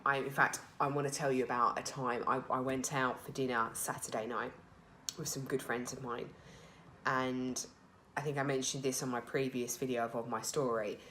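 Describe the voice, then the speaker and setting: A woman's voice: rumbling low, little pitch movement, moderate pace, fairly bright tone, slight background noise. A woman in her thirties with a British accent, talking candidly and a little emotionally in a rambling personal video diary, full of fillers and restarts. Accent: British English. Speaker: vlogger sharing her recovery.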